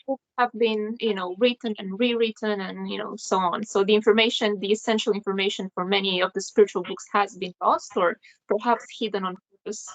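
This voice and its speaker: A woman hosting a casual video call interview, listening attentively with soft agreeing sounds and adding her own experiences. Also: mid-range voice, fairly even intonation, fairly quick, hardly any pauses. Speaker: host.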